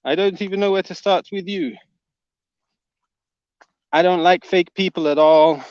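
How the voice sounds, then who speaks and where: Reading viewer comments aloud during a casual livestream, a man teases the people in chat. His voice is high, a little slow and somewhat mellow, captured in a dry, dull recording.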